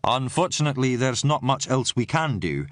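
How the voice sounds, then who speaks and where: A man voicing a calm police officer addressing a tense meeting in a measured, firm way. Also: mid-range voice, dry recording, studio quality, lightly acted.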